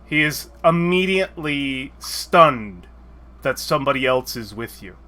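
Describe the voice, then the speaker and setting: A man running a tabletop role-playing game, narrating scenes and voicing characters in a halting way with many restarts. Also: mid-range voice, expressive, sharp tone. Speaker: game master.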